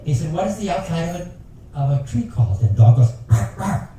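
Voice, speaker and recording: Older man, rambling folksy joke teller, mellow dark voice, roomy far-off recording. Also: on the high side, big pitch swings, quick pace, a little hiss or hum. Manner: folksy storyteller with rambling asides. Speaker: talent show joke teller. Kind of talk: stand-up joke telling. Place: ship's lounge at a passenger talent show. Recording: echoey room taped from far off.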